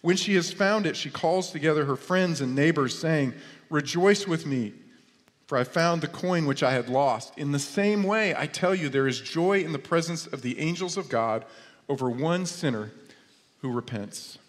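A middle-aged man preaches to his congregation in a slightly high voice, mixing humorous stories with lively exclamations. His sermon rings through a church sanctuary with a long, hall-like reverb. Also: moderate pace. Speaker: pastor.

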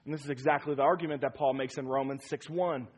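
A man's voice: mid-range voice, steady tone, quick pace, breathy edge. A man preaching a sermon as pastor, emphatic and repeating key phrases for weight.

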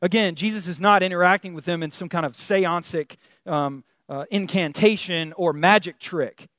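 A man preaching a sermon in a conversational, animated storytelling way, with many fillers and restarts. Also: high-pitched, moderate pace, no room sound. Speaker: pastor.

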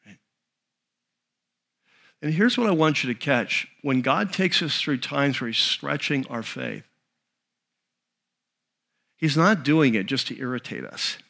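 A man preaching a sermon, telling a story in an animated, conversational way with frequent restarts. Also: mid-range voice, slow pace, vocal fry, long pauses. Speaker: pastor.

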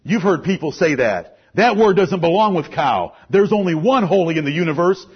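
A man preaching a sermon, emphatic, rising to loud peaks and then dropping low. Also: animated, moderate pace, husky. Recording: muffled lo-fi recording.

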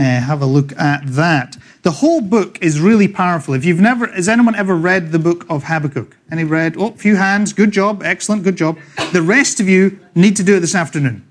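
A middle-aged man with a Scottish accent preaching a sermon, chatty and joking with the congregation, reading scripture slowly and loudly. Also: high voice. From Scotland. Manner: slows and swells when reading scripture. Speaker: pastor. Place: church.

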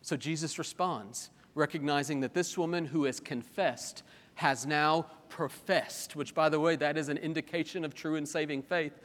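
Man preaching, animated with humorous asides, fairly high voice, long hall reverb. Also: moderate pace. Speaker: pastor. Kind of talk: sermon. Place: church sanctuary.

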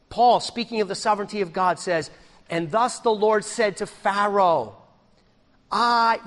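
A man's voice: high-pitched, fairly bright tone. A man preaching a sermon as pastor, acting out small scenes as he goes. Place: church sanctuary. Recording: long reverb of a church hall.

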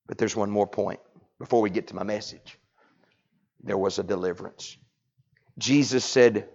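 A man, preaching a sermon that swings from loud to hushed. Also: lowish voice, measured pace, pauses often. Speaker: pastor. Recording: dull lo-fi recording.

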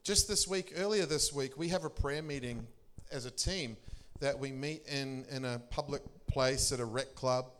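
A man's voice: moderate pace, few pauses. A middle-aged man, a pastor telling testimony stories in a sermon. He laughs often and his voice leaps up for emphasis. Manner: animated storyteller, laughing often, pitch leaping for emphasis.

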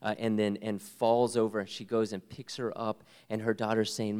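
A man with a low voice tells an emotional story as a guest, earnest and halting. He stops, restarts, and sometimes sinks to a hushed whisper. A long room reverb trails behind his words. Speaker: guest speaker, ministry worker.

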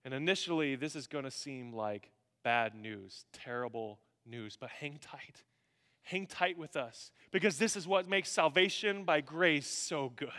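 A man preaching a sermon as pastor, animated and dramatic, swinging from loud bursts to hushed emphasis. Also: medium pitch, long reverb tail.

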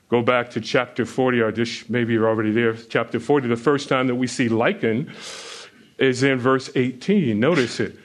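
A man preaching a sermon who keeps asking the listeners questions, with chuckles between points. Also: moderate pace. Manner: asks the listeners questions, rises in pitch when stressing points. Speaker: pastor.

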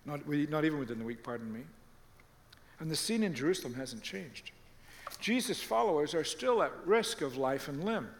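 A man preaching a sermon and retelling stories with lively quoted voices. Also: on the high side, normal speed, in a large hall. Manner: animated storytelling, acting out quoted voices. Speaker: pastor.

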